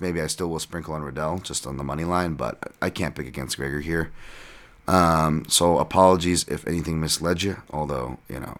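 Low-voiced man rambling through picks. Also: fairly bright tone. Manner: rambling, with frequent restarts and casual swearing. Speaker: podcast host and fight analyst. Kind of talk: casual podcast breakdown.

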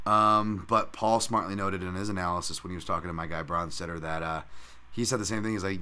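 A man's voice: sits low, steady tone, brisk, sharp tone, clear, resonant tone. A man hosting a podcast, breaking down fights and bets in a casual, profane, heated ranting style. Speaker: podcast host. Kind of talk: casual sports-betting breakdown.

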